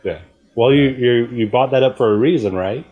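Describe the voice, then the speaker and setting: A middle-aged man co-hosting a podcast, chatting casually in a measured, agreeable way and thinking aloud. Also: medium pitch, phone-quality sound. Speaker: podcast co-host. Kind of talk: casual chat.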